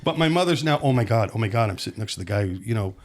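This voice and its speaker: A middle-aged filmmaker from Pennsylvania spins a long anecdote on a podcast, circling back and restarting his sentences. His voice sits on the low side. He slips into quoted dialogue as he goes. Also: animated, racing. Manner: rambling, restarts mid-sentence, acts out quotes. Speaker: filmmaker guest. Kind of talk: anecdotal storytelling in a podcast chat.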